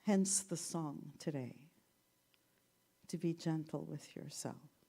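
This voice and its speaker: Woman minister preaching slow and gentle, mellow voice, jokey asides. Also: low voice, gravelly, husky. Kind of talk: sermon. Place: church sanctuary.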